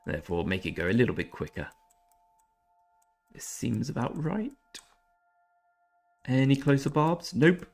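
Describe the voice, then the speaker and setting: A man's voice: medium pitch, very animated, unhurried, gravelly, pauses often, a little mellow, faint music behind. A man hosting a gaming channel, giving chatty, self-deprecating commentary over his gameplay.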